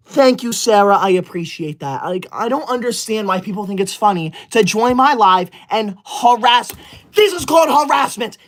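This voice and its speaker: A man's voice: high-pitched, expressive, normal speed, a bit bright. A man playing a prissy teacher's-pet streamer boy. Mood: indignant. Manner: indignant, scolding, melodramatic outbursts. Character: self-righteous teacher's-pet boy livestreamer, touchy. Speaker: livestreamer. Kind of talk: comedic character skit.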